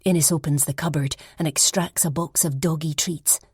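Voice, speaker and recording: A woman reads a first-person mystery audiobook with even, measured pacing. Her voice is low and slightly husky, and it is recorded close and dry in a quiet studio. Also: dry recording. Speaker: audiobook narrator.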